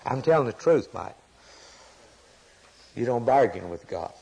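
Male preacher, impassioned sermon delivery, slow with a husky edge. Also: medium pitch, animated, low-quality recording. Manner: impassioned, rising to sudden loud peaks.

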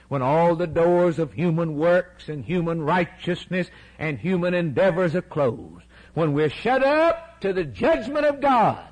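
A man preaching a sermon who quotes scripture in old-fashioned wording and swings from shouted cries to hushed, low asides.

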